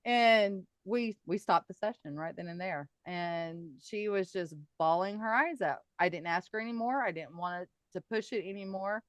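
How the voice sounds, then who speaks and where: A middle-aged woman, a guest on a podcast, telling her own paranormal stories in a lively, chatty way and laughing often. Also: fairly low pitch, moderate pace, hardly any pauses, no room sound. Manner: animated storyteller, laughs often. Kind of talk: casual podcast storytelling.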